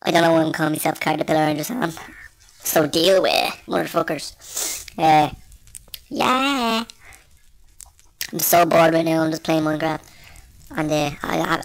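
A man's voice: on the high side, gravelly, a bit bright. A man with a Dublin Irish accent rambles through casual gameplay commentary into a small desktop microphone, cracking crude, self-mocking jokes. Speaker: gamer.

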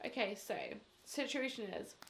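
Here a vlogger in her twenties talks to camera in a loose, rambling way full of fillers, worn out and drunk late at night. Her pitch is fairly high, her speed normal, and there's slight background noise.

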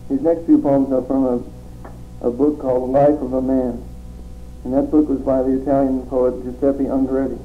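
A man reading his own poetry in a steady, rhythmic way, with offhand asides between the poems. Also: medium pitch. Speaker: poet reading his work. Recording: tinny lo-fi 1960s tape with faint hiss.

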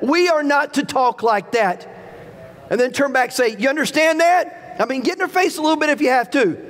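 A man's voice: very high voice, fairly bright tone, big-room sound. A man pastor preaching a sermon in a church, with emphatic delivery and folksy asides. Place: church sanctuary.

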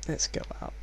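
A man doing let's play commentary in a hushed, low voice, rambling and reading game text aloud. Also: a little hiss or hum.

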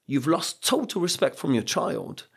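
A middle-aged British man speaks on a podcast in a gravelly, husky voice, earnest and reflective. He tells personal stories and drives his points home with repeated phrases. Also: a little high, sing-song, unhurried, fairly bright tone. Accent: British English. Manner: earnest, storytelling, emphatic repetitions. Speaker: podcast guest.

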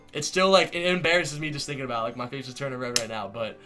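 A young man telling a story to camera in a casual vlog, animated and exaggerated, slipping into voices as he retells it. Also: mid-range voice, quick pace, soft background music. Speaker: vlogger.

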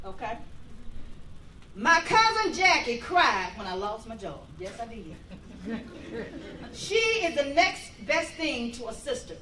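A woman's voice: sits high, sharp tone, slight background noise. A woman gives a folksy, emotional tribute to a relative and reads a passage aloud. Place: library event room. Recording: voice from a distance.

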